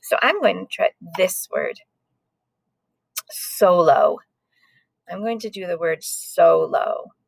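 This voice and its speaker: A woman's voice: on the low side, slow, creaky, long pauses, breathy edge, dry recording. A woman teaching a recorded phonics lesson to second graders, sounding out letters patiently.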